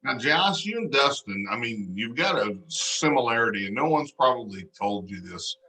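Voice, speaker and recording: A man's voice: medium pitch, expressive, moderate pace, pushed and bright, low-quality recording. A man co-hosting a sports podcast, teasing his guest in casual chat. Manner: teasing, jokey.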